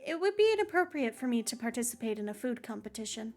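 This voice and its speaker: A woman reading the lines of a well-known wandering foodie aloud from a game, slowly, in her own voice. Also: fairly high pitch, sing-song, darkish tone, faint music behind. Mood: polite.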